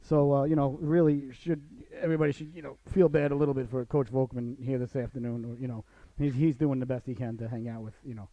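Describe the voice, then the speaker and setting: Rambling Long Island radio host. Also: male voice, medium pitch, fairly even intonation, quick pace, no room sound. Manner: rambling, full of "you know" fillers. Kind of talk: casual radio chat. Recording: dull, dry lo-fi audio.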